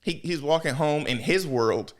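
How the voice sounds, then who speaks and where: A man co-hosting a podcast, telling stories in a casual, slangy, animated way, swearing freely and acting out quotes. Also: on the high side, moderate pace. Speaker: podcast co-host. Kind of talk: casual storytelling chat.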